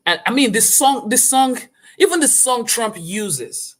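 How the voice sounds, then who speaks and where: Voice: mid-range voice, animated, measured pace, a bit bright, faint music behind. Slangy reaction streamer ranting. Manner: loose slang, restless, repeats himself. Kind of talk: casual reaction commentary.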